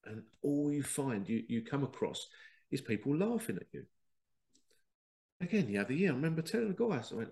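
Animated man, chatty monologue. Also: mid-range voice, normal speed. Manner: animated, self-laughing, quotes others in dialogue. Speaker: podcast host. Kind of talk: casual monologue.

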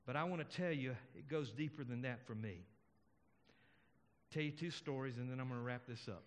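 A man's voice: mid-range voice, a little fast. A male pastor preaching a sermon, telling stories earnestly and building to emphatic declarations. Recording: long hall reverb.

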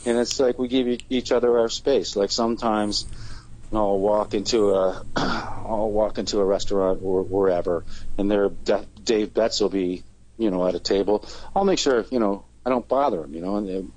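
A man's voice: on the low side, moderate pace, a little mellow, rough recording. A man, a touring band's singer, chatting casually in an interview and rambling with many fillers and restarts. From Canada.

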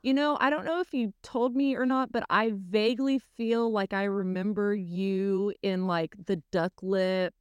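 A woman's voice: medium pitch, fairly even intonation, a little slow, few pauses, clear, resonant tone, dry recording. A woman co-hosting a podcast in casual chat, joking and adding wry asides. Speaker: podcast co-host.

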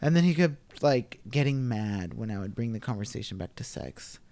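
A man's voice: medium pitch, expressive, normal speed, mellow. A man hosting a podcast, chatting in a brash, sassy, profane way. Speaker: podcast host. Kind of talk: casual chat.

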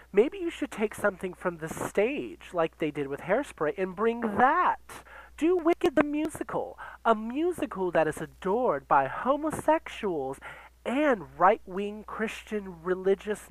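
A man voicing Donna Sugars, a lively campy drag queen. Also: sits high, voice pushed up, exaggerated voice, rough recording. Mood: ranting. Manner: theatrical, gasping, swearing, camp. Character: campy, dramatic drag queen persona, adult woman. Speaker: podcast host. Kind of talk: ranting podcast monologue. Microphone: computer sound recorder.

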